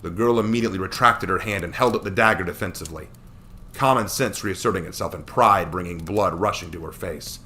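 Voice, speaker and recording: A man reading his own fantasy story aloud, narrating in a steady, plain way. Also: low-pitched, fairly quick, a little hiss or hum.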